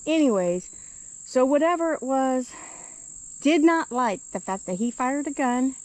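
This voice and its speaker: A woman's voice: sits high, expressive, a little slow, no room sound, rough recording. A woman vlogger telling a story outdoors in the woods by a truck, casual and hesitant, with lots of ums. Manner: hesitant, with many ums and uhs.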